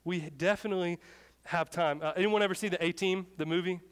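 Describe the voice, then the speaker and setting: With a high, smooth voice and a steady tone, a young pastor preaches a little fast. He tells his sermon casually like a story, performing the shouted dialogue of its characters.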